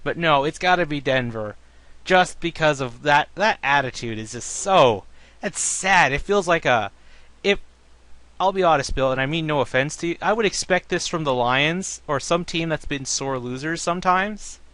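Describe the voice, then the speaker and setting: A man's voice: a little high, moderate pace, no echo. A man hosting a casual sports talk show, ranting about fans with plenty of swearing. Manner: ranting, profane, animated. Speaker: podcast host.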